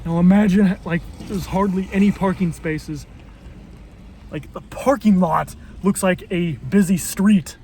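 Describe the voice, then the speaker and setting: A man's voice: high-pitched, measured pace, darkish tone, slight background noise. A man vlogging from his car in a waiting line, grumbling and swearing in irritated rants. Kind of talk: ranting car vlog.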